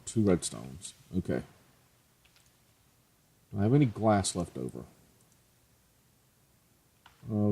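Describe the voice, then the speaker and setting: Let's play host, male, low and husky, chatty and jokey. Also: dark tone. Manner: chatty, joking, self-mocking. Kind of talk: casual gameplay commentary.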